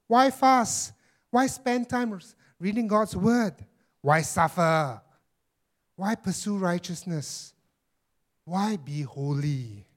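A sinister, taunting devil, as a man preacher puts him on, pitched well above his own voice. He coaxes with rapid rhetorical questions, persuasive and mocking.

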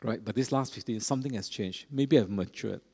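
A middle-aged pastor, his mid-range voice creaky, husky, and warm, preaches a little fast to the congregation in a large church. He speaks conversationally and often checks in with them, and the room's long reverb carries through.

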